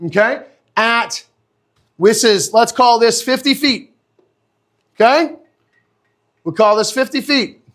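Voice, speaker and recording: A man teaching as a dog trainer in a live online class, animated and conversational, often checking in with his listeners and answering viewers by name. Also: very high voice, slow pace, pauses often. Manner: replies to viewers' comments by name.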